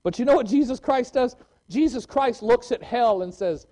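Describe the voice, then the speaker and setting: A man preaches in a church with a high voice. He moves between loud, excited calls and hushed readings of scripture. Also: normal speed, low-quality recording. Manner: animated preaching, swinging from loud exclamations to quiet scripture reading. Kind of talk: sermon.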